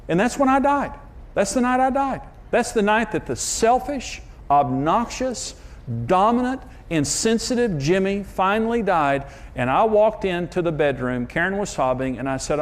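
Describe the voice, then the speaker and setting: A man's voice: high voice, expressive, moderate pace. A man preaching on marriage, telling candid, self-mocking stories and leaning hard on his punchlines. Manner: candid, self-deprecating storytelling; emphatic, building up to punchlines. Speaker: marriage speaker. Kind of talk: preaching talk with personal stories.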